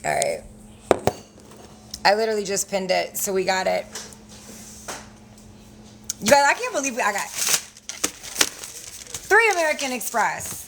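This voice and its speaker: A woman's voice: medium pitch, sing-song, unhurried, gravelly, long pauses, noisy background. A young woman hosting a casual livestream, talking bluntly with lots of swearing and frequent laughter. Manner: profane, blunt, laughs often. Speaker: livestream host selling credit classes.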